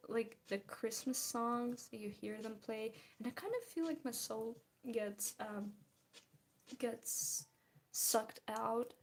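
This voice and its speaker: A young woman chats casually while she draws, sounding tired. Her voice sits a little high, and she talks slowly, rambling, giggling and trailing off mid-thought. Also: a little hiss or hum. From Belarus. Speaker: streamer. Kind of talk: casual chat while drawing.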